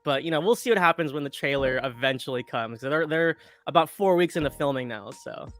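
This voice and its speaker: A man's voice: on the high side, fairly quick, fairly bright tone, soft background music. A man hosting a casual news chat, often stammering on restarts, wry. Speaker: podcast host.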